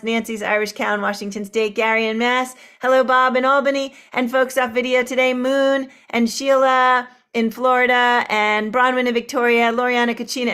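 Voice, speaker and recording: A woman's voice: on the high side, clear, resonant tone. A woman hosting an online group singing session, greeting participants one by one over a video call with chatty asides. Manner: chatty, warm roll call with small asides. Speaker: host of an online group sing.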